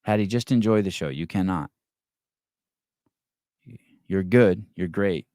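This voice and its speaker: Deep-voiced man hosting a crude, joking podcast. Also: unhurried, dry recording, studio quality. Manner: profane, joking, animated storytelling with voiced quotes. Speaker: podcast host. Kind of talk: crude casual chat.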